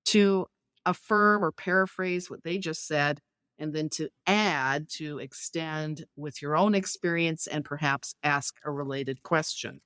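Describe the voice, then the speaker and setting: A woman's voice: low voice, a little slow, fairly bright tone, dry recording, clean studio sound. Woman explaining tips with stories. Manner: clear, instructive, illustrates points with anecdotes. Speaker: podcast guest. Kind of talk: explaining conversation tips in an interview.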